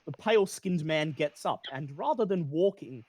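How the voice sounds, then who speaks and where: A man's voice: a little high, animated, normal speed, darkish tone, a little hiss or hum. A man narrating as game master in a tabletop game, describing scenes with occasional stumbles.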